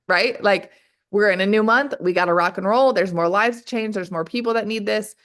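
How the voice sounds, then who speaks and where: Energetic woman sales trainer, mid-range voice, fires off rhetorical questions and keeps addressing the team directly. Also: mid-range voice, fast talker. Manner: energetic, keeps calling the audience "you guys". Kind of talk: motivational training call.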